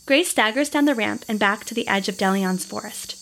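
A woman narrating a scripted space adventure story in a steady, descriptive way. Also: medium pitch, brisk, creaky, few pauses, faint music behind.

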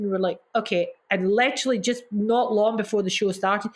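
A woman's voice: a little high, fast talker, few pauses. A middle-aged woman, a singer being interviewed, telling stories in an effusive way, repeating herself and acting out quotes. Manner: acts out quotes with gasps and mimicry. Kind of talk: casual storytelling in an interview.

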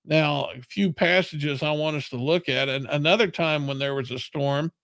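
A man's voice: a little high, moderate pace, fairly bright tone, no room sound. A man preaching a sermon in an earnest, plain-spoken way.

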